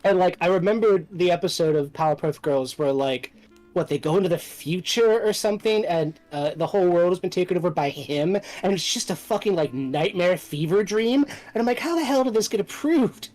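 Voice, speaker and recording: A man's voice: high voice, fairly quick, soft background music, rough recording. Laughing man retelling a cartoon. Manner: laughs often, lively storytelling. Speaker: podcast co-host playing a game. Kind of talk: casual chat over gameplay.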